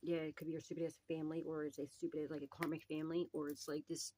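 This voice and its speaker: A woman's voice: low voice, flat delivery, racing, noisy background. A woman doing a casual psychic tarot reading, swearing freely, rambling and laughing often.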